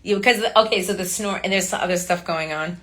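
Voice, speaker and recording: A woman co-hosting a casual live-stream chat about her marriage, telling stories in an animated way and acting out the quotes. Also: on the low side, brisk. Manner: animated storytelling, acts out quotes. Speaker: co-host of a couples live show. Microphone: phone or webcam on a live stream.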